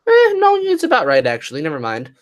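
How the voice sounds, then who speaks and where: A man's voice: on the high side, wildly swooping pitch, fast talker. A man co-hosting a casual gaming podcast, chatty, hedging his claims and checking facts. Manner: conversational, hedging, corrects facts. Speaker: podcast co-host. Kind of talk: casual chat.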